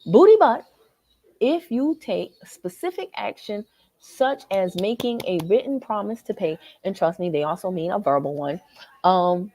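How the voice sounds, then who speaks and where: A woman with a Southern American accent hosting a livestream, talking straight to her viewers in a worked-up, animated way from a hotel lobby. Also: medium pitch, dry recording. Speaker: livestream host. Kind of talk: animated live chat reading comments.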